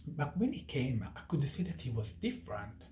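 A man's voice: mid-range voice, big pitch swings, moderate pace, dark tone, a little hiss or hum. Earnest man in an echoey room. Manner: earnest, heartfelt, searching for words. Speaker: vlogger. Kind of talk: personal monologue to camera.

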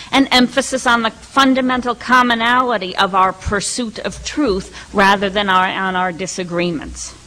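A middle-aged woman reading a prepared academic lecture at a colloquium, measured and deliberate, with occasional restarts. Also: medium pitch, a bit bright, low-quality recording. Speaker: colloquium speaker.

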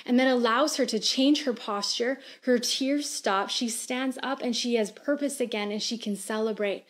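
A woman in her thirties preaching a sermon on a church livestream, earnest and conversational, asking gentle questions. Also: fairly high pitch, moderate pace. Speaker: pastor.

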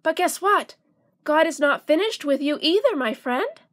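A woman's voice: sits high, expressive, moderate pace, fairly bright tone. Hermie, a joyful young butterfly, voiced by a woman. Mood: cheerful.

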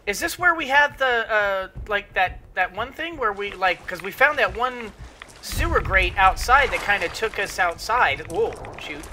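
A let's play host giving rambling gameplay commentary, full of fillers and excited exclamations. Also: mid-range voice, a little slow, slight background noise.

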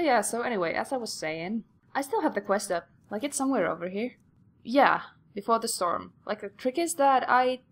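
A young woman hosting a game playthrough, chatty and rambling, acting out the voices she quotes. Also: medium pitch. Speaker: let's play host. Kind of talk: casual gameplay commentary.

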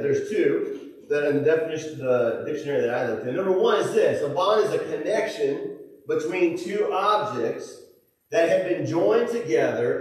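Male Midwestern pastor, conversational sermon delivery, slightly high voice, distant mic in an echoey church hall. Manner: conversational preaching, folksy asides and chuckles. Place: church auditorium.

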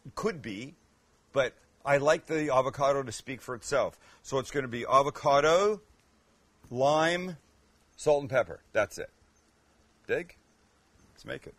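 A man's voice: mid-range voice, animated, a little slow, long pauses, fairly bright tone, no echo. A man hosting a cooking show, chatting casually and joking with self-mocking asides as he cooks. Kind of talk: casual cooking demo chat.

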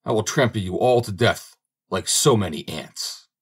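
A huge, gruff forest giant, read by a man in a low, husky voice. He blusters in old-fashioned speech, a storybook monster voiced with only a light touch. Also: lively intonation, moderate pace. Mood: blustering. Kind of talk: audiobook character reading.

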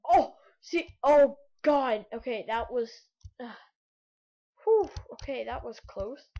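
A woman's voice: fairly high pitch, lively intonation, slow, dark tone. A woman giving rambling gameplay commentary, thinking aloud as she plays, on a laptop mic in a room at home. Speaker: let's play gamer. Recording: dull lo-fi mic, faint hiss.

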